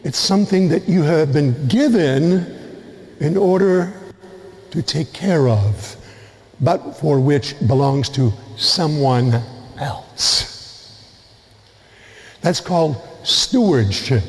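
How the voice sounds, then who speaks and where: Slow-speaking priest in a reverberant church. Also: male voice, a little high, a little mellow. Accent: New England. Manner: slow, deliberate delivery with pauses. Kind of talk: Gospel reading and homily.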